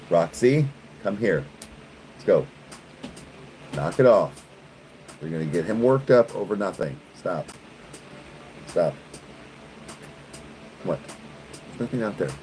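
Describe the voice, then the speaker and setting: A man's voice: low-pitched, big pitch swings, slow, long pauses, warm tone, a little hiss or hum, rough recording. A man chatting casually in a vlog, talking to the camera and to his dogs. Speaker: vlogger.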